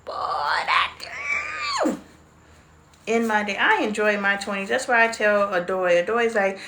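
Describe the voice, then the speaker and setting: Shouting over background noise, a livestream host in her forties speaks slowly in an expressive, mid-range voice. She chats casually and candidly about old photos during her live stream.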